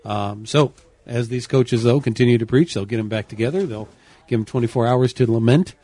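A man's voice: mid-range voice, a little fast, mellow, dry recording. A man commentating on a postgame football radio show, out of breath and earnest. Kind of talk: postgame radio sports talk.

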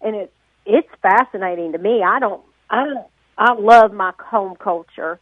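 A woman's voice: medium pitch, moderate pace, dry recording. A woman from Central Florida with a Southern accent, chatting as a guest musician over the phone, rambling and laughing often. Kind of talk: casual phone interview. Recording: tinny phone line.

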